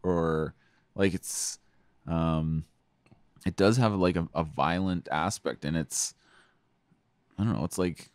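A man's voice: sits low, slow, long pauses, darkish tone, dry recording. A man co-hosting a podcast, chatting casually about politics, rambling with lots of fillers and restarts. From Canada. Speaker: podcast co-host.

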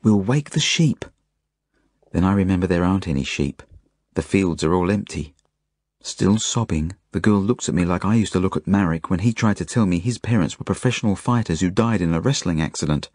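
An Australian man narrates his own novel as an audiobook, in the first person. His voice is low and husky, and the delivery is plain and earnest. The sound is dry and close. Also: fairly quick, a little mellow, no echo.

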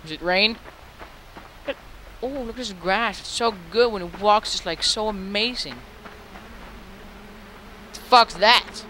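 A man giving excitable gaming commentary into a headset mic, swearing often and breaking into sudden yelps and shrieks. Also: sits high, takes it slowly, long pauses, slight background noise. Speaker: let's play gamer.

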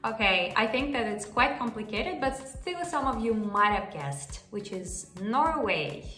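A woman with a bright, high, animated voice hosts a casual language lesson. She speaks slowly and keeps asking the viewer "yeah?". Her voice echoes around the room over soft background music. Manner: chatty, often checks in with the viewer using "yeah?". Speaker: language teacher and channel host.

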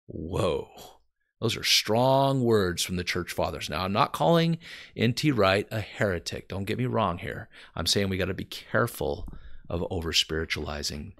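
A man's voice: deep voice, animated, normal speed, vocal fry, fairly bright tone. An American man teaching from the Bible in an earnest, emphatic way, speaking straight to his viewers. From United States.

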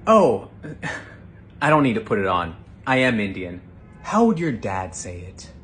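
A performer playing an exasperated actor at an audition in a comedy sketch, wry and swinging between loud and flat reads. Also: mid-range voice, unhurried, faint music behind.

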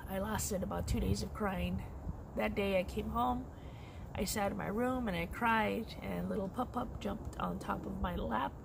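A middle-aged woman with a creaky, medium-pitched voice speaks at normal speed in a casual personal crochet vlog. She's candid and laughs often, though the recording picks up background noise.

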